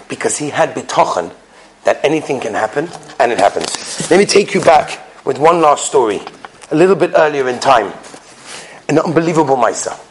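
A man's voice: medium pitch, lively intonation, a little fast, a little hiss or hum. A man who is a rabbi, telling stories in a sermon. He acts out the people in his stories and repeats phrases for emphasis. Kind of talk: storytelling sermon.

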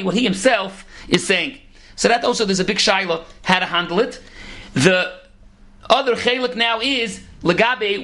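Fast-talking man teaching Talmud. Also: high-pitched. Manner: rapid, animated explaining with Hebrew and Yiddish terms mixed into English. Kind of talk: Talmud lecture.

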